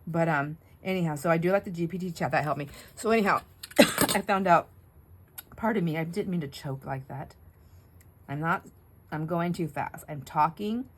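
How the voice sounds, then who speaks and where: A woman's voice: low-pitched, normal speed, slight background noise. A middle-aged woman hosting a craft video, chatting in a rambling, digressive way while she cuts board, often breaking off mid-sentence and laughing. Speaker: craft channel host.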